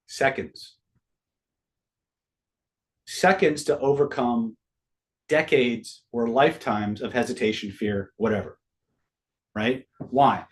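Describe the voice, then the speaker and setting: A man's voice: mid-range voice, takes it slowly, pauses often. A middle-aged man teaching a live online master class in a casual way, swearing freely and quizzing his audience.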